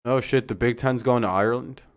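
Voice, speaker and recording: A man's voice: medium pitch, fairly quick. A man hosting a live stream, giving laid-back, profane commentary as he calls the downs and time left. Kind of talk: casual watch-along commentary.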